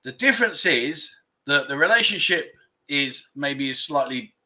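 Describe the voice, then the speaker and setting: This English livestream host speaks a little slowly, his voice on the high side with lively intonation and a bright, forceful tone. He's indoors at home, casually chatting and reading viewer comments in a rambling, self-mocking manner.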